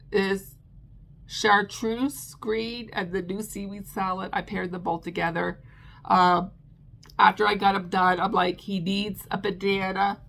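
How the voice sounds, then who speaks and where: A woman's voice: mid-range voice, creaky, fairly bright tone. A middle-aged woman vlogger chatting casually about her crochet, with frequent ums and restarts. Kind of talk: casual chat.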